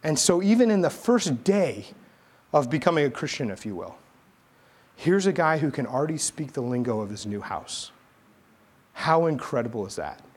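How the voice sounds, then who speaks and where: Animated conversational male pastor preaching. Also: mid-range voice, normal speed, slightly rough. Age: adult, army veteran. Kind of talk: sermon.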